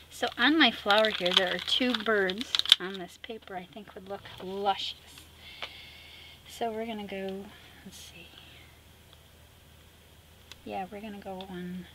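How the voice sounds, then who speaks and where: A woman talks her way through a collage in a chatty, casual vlog voice. She mutters to herself as she works and often sinks into a soft murmur. Her pitch sits in the middle, with a faint hiss behind her. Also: unhurried, pauses often. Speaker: craft vlogger. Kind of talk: casual talk while crafting.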